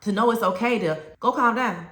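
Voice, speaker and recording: A woman's voice: fairly high pitch, brisk, a bit bright, echoey room. A woman with a Southern US accent giving an emphatic, plain-spoken talk to fellow teachers. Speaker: teacher trainer.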